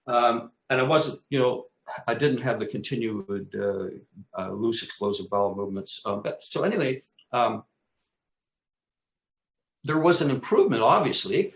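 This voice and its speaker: A man's voice: mid-range voice, moderate pace, gravelly. A man, co-host of a talk show, casually telling a vivid personal story, acting out his own exclamations and swearing freely. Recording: echoey room.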